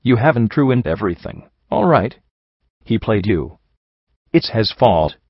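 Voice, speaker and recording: A man voicing a tough, battered young female pony mercenary who talks gruffly and bluntly, with a lot of swearing. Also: fairly low pitch, big pitch swings, measured pace, no echo, full character voice. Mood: wry. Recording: dull lo-fi recording.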